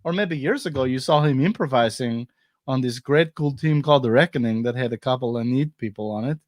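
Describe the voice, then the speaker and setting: A man's voice: medium pitch, brisk, darkish tone, no echo, studio quality. A man hosting a casual live-stream comedy chat, playful and joking, laughing often. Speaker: host.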